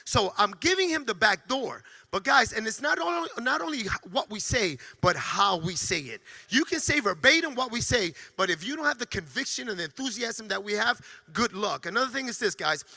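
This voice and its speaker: A man giving an energetic motivational training talk to a sales team, emphatic and often stammering on restarts. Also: very high-pitched, brisk, gravelly.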